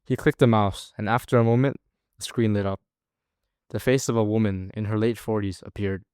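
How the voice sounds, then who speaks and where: A man narrating a story in a steady, plain way. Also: fairly low pitch, brisk, smooth, no room sound, studio quality. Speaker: student narrator. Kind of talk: amateur story reading.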